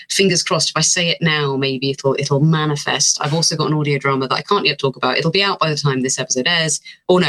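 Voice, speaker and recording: A woman's voice: low voice, fairly bright tone, low-quality recording. A British woman with an RP accent, a voice actor chatting playfully as a podcast guest. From England. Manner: playful, slips into mock accents. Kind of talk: casual chat.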